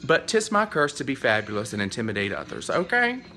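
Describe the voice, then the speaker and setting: A man, chatting in a sassy, animated vlog while walking his dog outdoors on a handheld phone. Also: mid-range voice, a little fast. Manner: animated, sassy, playful running commentary. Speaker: vlogger. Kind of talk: casual vlog chat.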